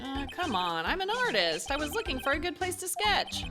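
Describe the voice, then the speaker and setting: A goofy, lovesick young man from a video game whines and boasts in a loud, sing-song voice, as a woman streamer reads him. The voice is fairly high and swoops all over. Game music plays clearly behind him. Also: very animated, moderate pace. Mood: boastful. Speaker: streamer reading game dialogue.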